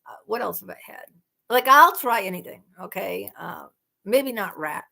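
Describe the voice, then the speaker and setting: A woman's voice: medium pitch, lively intonation, normal speed, creaky, bright, forceful tone. A woman hosting a casual livestream chat, rambling and exclaiming in disbelief. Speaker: livestream host.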